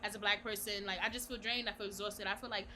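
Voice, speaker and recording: Woman podcast cohost, bright voice, tired and blunt, lots of slang. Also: medium pitch, steady tone, fast, slight background noise. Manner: candid, slangy, weary. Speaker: podcast co-host. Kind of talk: casual podcast chat. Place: home, remote virtual recording.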